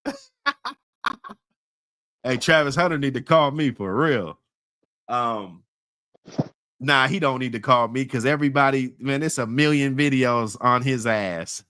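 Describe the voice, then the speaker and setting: A man's voice: medium pitch, unhurried, long pauses, bright, forceful tone, no room sound, clean studio sound. A man casually telling a long story in heavy slang, rambling with many fillers and laughing often as he talks.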